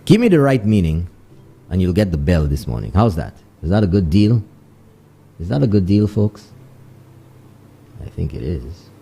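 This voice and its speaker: This Saint Lucian-accented host runs a live morning show, talking casually, mixing in Creole phrases and greeting listeners by location. He speaks at normal speed in a low, dark, gravelly and husky voice with a sing-song lilt, pausing often.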